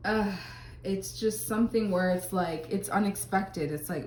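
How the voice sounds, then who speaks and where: A woman's voice: medium pitch, slow, a little mellow, echoey room, slight background noise. A woman giving a casual tarot reading to camera, chatty, with many fillers and exclamations. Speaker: tarot reader.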